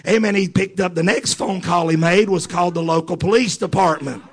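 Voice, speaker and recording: A man preaching a sermon as a story, peppering it with amen and repeating lines as he builds to fervent shouts. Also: sits high, fairly quick, breathy edge. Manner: punctuates phrases with amen.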